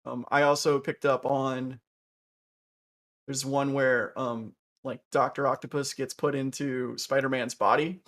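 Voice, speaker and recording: A man in casual chat as a stream co-host, rambling with many restarts and trailing off softly. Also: mid-range voice, a little slow. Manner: mimics characters with raised excited voice.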